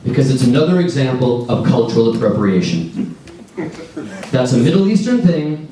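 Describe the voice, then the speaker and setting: A man in his forties doing a stand-up comedy set, wry and deadpan with lively storytelling. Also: medium pitch, moderate pace, noisy background. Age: 40s. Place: comedy club stage. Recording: echoey club sound from a distance. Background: audience laughter.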